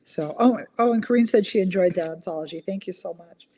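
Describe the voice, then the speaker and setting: A woman's voice: medium pitch, fairly quick, dark tone, slight background noise. A woman hosting a casual live chat, reading viewer comments aloud and giggling at her own corny jokes. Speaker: host of a live online chat.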